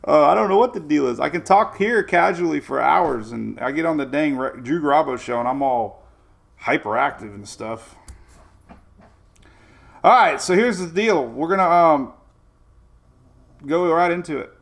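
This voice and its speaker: A man's voice: a little high, animated, moderate pace, vocal fry, long pauses. A middle-aged man hosting a casual weather livestream, rambling energetically and greeting viewers by name.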